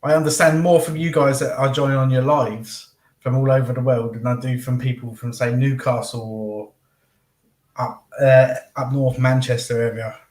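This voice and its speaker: A man from southeast England with a local accent that drops T sounds, chatting as a guest in a relaxed way. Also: mid-range voice, moderate pace, roomy sound. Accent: southeast English, drops T sounds. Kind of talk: casual chat.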